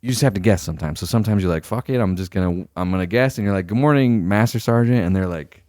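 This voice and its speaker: A man's voice: lowish voice, fast, no room sound, studio quality. A young man co-hosting a podcast, telling stories in casual chat, swearing freely and acting out the people he quotes. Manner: animated storyteller, swears freely, acts out quoted superiors. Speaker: podcast co-host.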